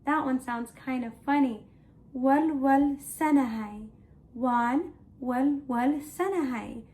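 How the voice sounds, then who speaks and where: A woman teaching a language lesson for toddlers, talking slowly and playfully while acting out feelings. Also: sits high, darkish tone. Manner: slow, playful, exaggerated emotions for kids.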